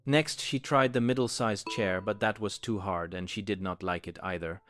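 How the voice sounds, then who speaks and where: Low-voiced man reading a storybook. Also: normal speed, faint music behind. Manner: animated, expressive read-aloud.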